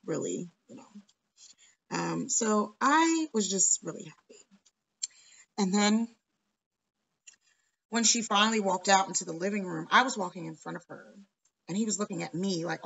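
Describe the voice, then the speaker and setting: A woman's voice: medium pitch, vocal fry, fairly bright tone, husky, poor audio. A middle-aged woman chatting casually while she crafts at her kitchen table, rambling from story to story and laughing often. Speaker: crafting vlogger.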